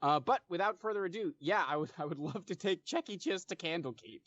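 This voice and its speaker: High-voiced, halting man playing a tabletop game. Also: fairly bright tone, dry recording, lo-fi sound. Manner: halting, many fillers. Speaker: player. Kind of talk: tabletop role-play, casual.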